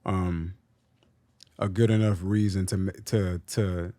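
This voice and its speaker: A man's voice: sits low, little pitch movement, takes it slowly, mellow, no echo. A man from Texas co-hosting a podcast, talking in a laid-back way full of slang and fillers. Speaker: podcast co-host. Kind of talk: casual chat.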